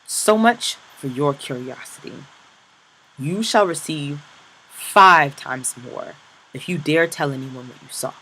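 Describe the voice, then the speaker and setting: A man reading a memoir aloud and voicing a cruel male camp work boss, whose slow, cold threats give way to loud barked orders and counts. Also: a little high, slight background noise, rough recording. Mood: cold menace.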